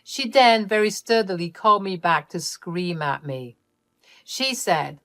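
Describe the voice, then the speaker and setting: A woman narrating a first-person family story in an even, matter-of-fact way. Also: fairly low pitch, unhurried.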